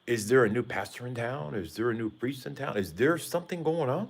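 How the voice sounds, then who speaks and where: A man's voice: medium pitch, expressive, brisk, gravelly, breathy edge. A man rambling casually and joking with viewers during a live stream, talking into his phone on a side porch outdoors. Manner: rambling, jokey, talks to viewers. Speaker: vlogger. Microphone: phone held by hand.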